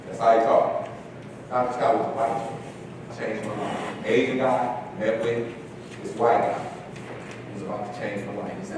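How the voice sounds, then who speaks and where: Man speaker, lively delivery, recorded from afar in a big reverberant hall. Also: mid-range voice, moderate pace, long pauses, background noise. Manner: animated storyteller acting out dialogue. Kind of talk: storytelling keynote talk. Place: large hall. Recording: echoey hall recording from far off.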